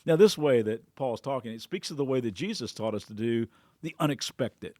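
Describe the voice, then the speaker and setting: A man's voice: medium pitch, expressive, fairly quick, warm tone, no echo. A middle-aged man, a pastor hosting a devotional podcast, tells a personal story in a chatty way, with frequent restarts and quotes he acts out.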